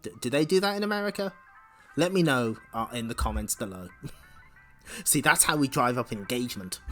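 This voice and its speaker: A man on a live stream who chats in a rambling, self-amused way. His voice is mid-pitched and very lively in its ups and downs, and there is soft music behind him. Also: moderate pace. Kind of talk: casual live-stream chat.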